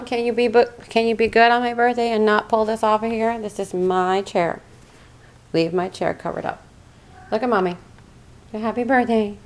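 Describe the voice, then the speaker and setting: Woman baby-talking to her cats. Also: on the high side. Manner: coaxing baby talk to cats, scolding softly. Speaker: cat owner filming her pets. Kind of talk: casual home video chat to pets. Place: house and outdoor porch. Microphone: handheld camera. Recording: home camera with background noise.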